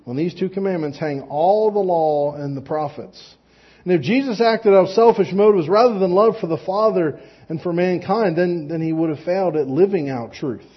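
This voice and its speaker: Husky, higher-voiced man preaching casually. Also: moderate pace, highs cut off. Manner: plain-spoken, frequent restarts and repeated words; light joking asides. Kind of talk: conversational sermon.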